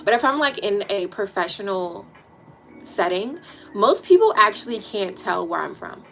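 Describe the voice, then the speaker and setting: A woman in her thirties with a Washington, D.C. accent, chatting casually and bluntly with her livestream viewers, swearing freely and dropping into quiet asides. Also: mid-range voice, animated, normal speed, vocal fry, a little hiss or hum, rough recording. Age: 30s. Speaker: livestream host.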